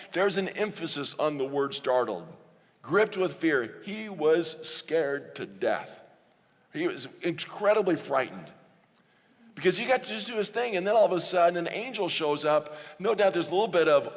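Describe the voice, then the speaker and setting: A man preaching a sermon as pastor, in a relaxed conversational way that acts out quoted lines. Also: on the high side, in a large hall. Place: church sanctuary.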